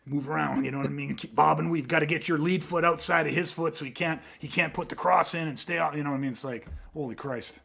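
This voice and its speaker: A man with a somewhat high voice, talking in a loose, casual podcast chat. He teaches self-defense and rambles through his stories. He swears freely and keeps dropping fillers like "you know what I mean". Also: fairly even intonation, quick pace, creaky, hardly any pauses, bright, forceful tone.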